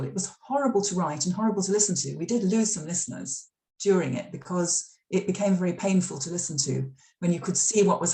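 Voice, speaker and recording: Mellow-voiced woman in an echoey room. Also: fairly low pitch. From United Kingdom. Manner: chatty storytelling with many fillers and restarts. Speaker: author and former radio drama scriptwriter. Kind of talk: interview at a library talk. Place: library event room.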